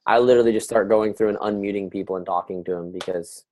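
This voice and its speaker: A man's voice: lowish voice, steady tone, quick pace, darkish tone. Upbeat male guest coach, self-deprecating, talks freely and fills silence. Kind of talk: casual call chat.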